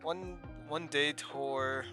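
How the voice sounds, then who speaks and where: A man's voice: on the high side, fairly even intonation, very slow, over music. A man streaming a game, reading the text aloud while sick, stumbling and correcting himself.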